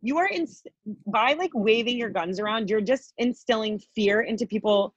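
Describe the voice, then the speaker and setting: A woman's voice: on the high side, moderate pace, no echo, highs cut off. A woman co-hosting a podcast, ranting heatedly with constant swearing and filler likes. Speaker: podcast co-host. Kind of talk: angry political rant.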